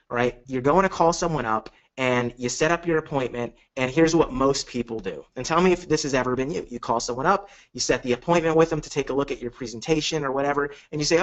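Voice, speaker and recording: Energetic male coach, dull lo-fi audio. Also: medium pitch, fairly quick. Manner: energetic, acts out quoted phone calls. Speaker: network marketing coach. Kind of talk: live coaching webinar.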